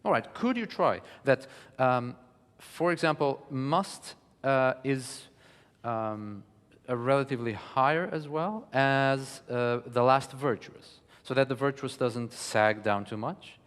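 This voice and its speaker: A man giving a lecture on music, speaking in a measured, thoughtful way with frequent pauses. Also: mid-range voice, a bit bright. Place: studio hall. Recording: long reverb of a studio hall.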